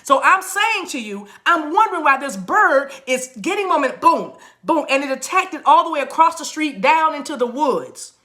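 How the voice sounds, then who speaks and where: A woman's voice: sits high, lively intonation, normal speed, hardly any pauses, pushed and bright. A middle-aged woman hosting a spiritual livestream, talking casually to her chat, laughing often and breaking into chanted tongue-like phrases.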